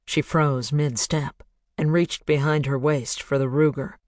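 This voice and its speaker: An audiobook narrator reading a thriller in a measured, hushed voice. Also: medium pitch, fairly even intonation, dry recording, clean studio sound. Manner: measured, hushed, building to intense.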